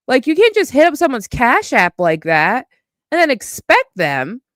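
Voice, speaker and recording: A woman's voice: fairly high pitch, fairly bright tone, no echo, studio quality. Heated, profane woman streamer rant. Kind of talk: casual livestream rant.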